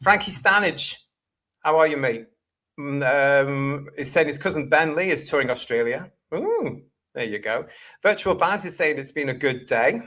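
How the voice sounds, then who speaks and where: A man's voice: fairly high pitch, expressive, moderate pace, pushed and bright. A British man hosting a live-streamed fan show, upbeat and reading out chat messages. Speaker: host.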